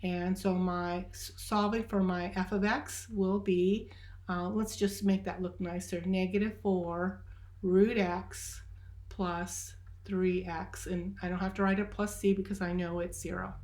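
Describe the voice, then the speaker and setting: A woman teaching a math lesson, walking step by step through calculus problems in a steady, methodical way with frequent filler sounds. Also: on the low side, measured pace. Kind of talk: recorded math lecture.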